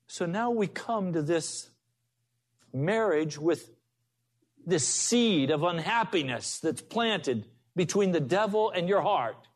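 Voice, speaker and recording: A man's voice: high-pitched, animated, slow. A man preaching a sermon as a pastor, telling folksy stories to make his point.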